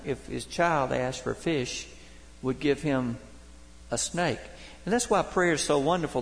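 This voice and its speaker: Gravelly preacher in a hall. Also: male voice, mid-range voice. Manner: folksy storytelling, homespun humor. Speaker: Baptist pastor. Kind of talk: sermon. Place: church sanctuary. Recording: long reverb of a church hall.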